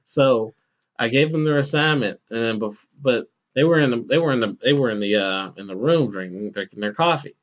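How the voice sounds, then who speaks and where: A man in the middle register tells a workplace story on his podcast with a loose, conversational flow. He swings into the voices of the people he quotes, jumping up in pitch for their lines. The recording is slightly dull and lo-fi. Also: fairly quick. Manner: animated, acts out quoted voices with bursts of pitch. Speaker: podcast host. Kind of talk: casual storytelling chat.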